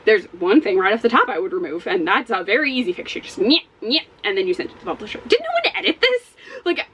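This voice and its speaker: A woman giving a casual spoken book review as a vlogger, animated and exasperated, swearing often. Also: medium pitch, fast, husky, low-quality recording.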